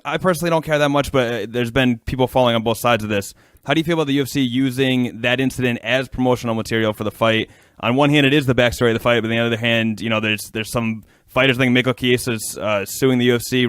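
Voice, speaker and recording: A man's voice: mid-range voice, fairly bright tone, clear, resonant tone, no echo, clean studio sound. A man hosting a sports podcast, asking long rambling questions in a casual way. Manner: fast, rambling questions with fillers. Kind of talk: interview, casual chat.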